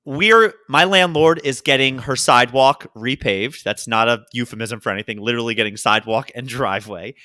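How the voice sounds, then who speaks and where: A man co-hosting a casual comedy podcast, telling stories with lively acted-out quotes. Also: medium pitch, a little fast, hardly any pauses, no room sound, studio quality. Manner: animated storyteller, acts out quotes. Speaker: podcast co-host.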